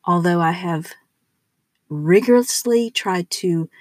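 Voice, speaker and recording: A woman in her forties with a Southern US accent, hosting a spiritual podcast in a soft, affirming, unhurried monologue. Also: on the low side, dry recording. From southern United States. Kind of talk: gentle personal monologue.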